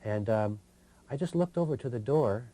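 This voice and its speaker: Rambling older man with a mellow voice. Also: mid-range voice, animated. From Canada. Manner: rambling, halting, self-interrupting. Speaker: guest musician. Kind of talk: casual storytelling.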